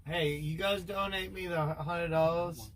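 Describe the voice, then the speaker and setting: Blunt, crude man with a higher voice. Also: fairly even intonation, a little slow, a little hiss or hum. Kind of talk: casual livestream chat. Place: inside a camper van.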